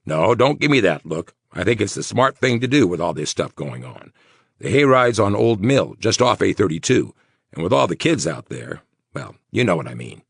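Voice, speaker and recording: A man voicing a nervous, sweating male mayor, talking in tense, insistent rapid bursts. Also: low-pitched, very animated, vocal fry, slightly rough, no echo, clean studio sound, heavily acted. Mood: worried.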